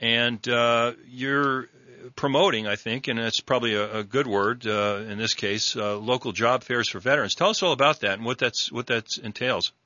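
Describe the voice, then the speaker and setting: A man's voice: mid-range voice, sharp tone, dry recording, lo-fi sound. A man from New York hosting a radio talk show, chatting with a guest and stumbling through lots of fillers and restarts. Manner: halting, many fillers and restarts. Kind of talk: casual radio interview.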